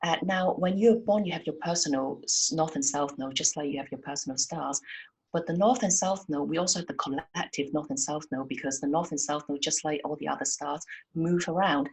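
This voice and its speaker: Woman, soft-spoken, hesitant, low voice, husky, podcast guest. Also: fairly quick, low-quality recording. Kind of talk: casual conversation.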